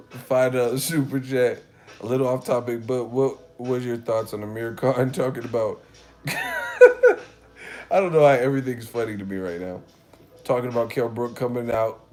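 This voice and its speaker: Man, live stream host, casual chat, profane, laughs a lot, mid-pitched. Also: a little mellow. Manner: profane, laughing, loose storytelling.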